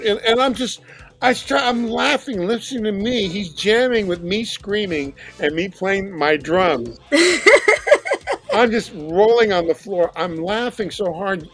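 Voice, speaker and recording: An older man, a band drummer, telling animated stories and acting out voices and drum sounds as a podcast guest. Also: high voice, measured pace. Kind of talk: casual storytelling.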